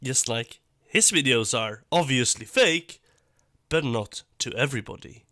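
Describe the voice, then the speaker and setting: A man giving blunt, profane reaction commentary, talking in an animated and dismissive way. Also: medium pitch, measured pace, no room sound, clean studio sound. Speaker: YouTube commentator.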